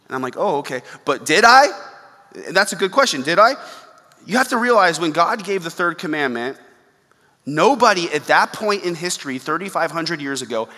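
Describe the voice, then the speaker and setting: Bright-voiced male pastor in a reverberant hall. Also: a little high. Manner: conversational, animated, acts out quoted exclamations. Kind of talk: sermon.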